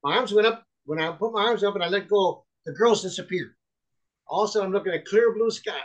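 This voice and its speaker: A man's voice: sits high, fast, poor audio. A man tells his personal testimony over a remote call in an earnest, rambling way. He circles back and restarts his sentences often, using plenty of fillers. His voice sits a little above the usual for a man. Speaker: guest, chaplain and author.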